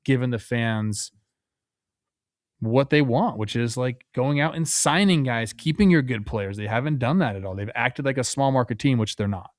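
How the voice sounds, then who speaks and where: A man co-hosting a casual sports talk show, relaxed and a little hesitant, thinking aloud as he talks. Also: medium pitch, moderate pace, no echo, clean studio sound. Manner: relaxed, hesitant, many fillers and restarts. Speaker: co-host.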